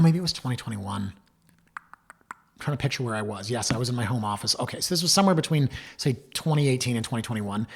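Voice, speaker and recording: Brief: middle-aged man, podcast host, husky, candid and chatty. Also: mid-range voice. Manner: chatty and candid, acts out quoted voices, addresses listeners as guys. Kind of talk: casual solo podcast talk.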